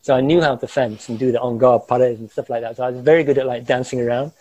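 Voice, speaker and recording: A man recounts a harrowing experience from his own life, animated and given to quick chuckles. His voice is mellow and a bit husky. The recording is dry and close, with no room sound. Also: medium pitch, dry recording, poor audio. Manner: animated, gestures while talking, chuckles through tense moments. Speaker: guest recounting a personal ordeal. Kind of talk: vivid first-person storytelling.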